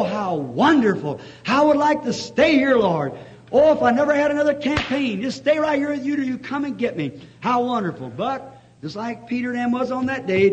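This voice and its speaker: Preacher guy, high voice, folksy story turning into shouting praise, old dull recording. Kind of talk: sermon, storytelling.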